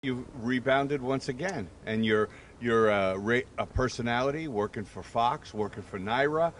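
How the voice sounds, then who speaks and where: A man's voice: mid-range voice, moderate pace. A man hosting an interview, asking conversational questions with some hesitation. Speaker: interviewer, host. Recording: distant mic with faint noise.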